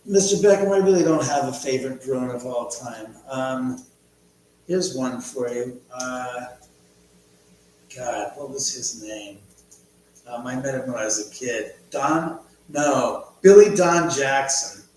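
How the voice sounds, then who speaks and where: Middle-aged male livestream host, loose rambling storyteller, laptop mic far off, boomy room with a faint hum. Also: slow pace, a little mellow. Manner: rambling storyteller, reads viewer comments aloud. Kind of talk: casual livestream chat. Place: large echoey room at home. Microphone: laptop mic from a distance. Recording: very echoey, distant, faint hum.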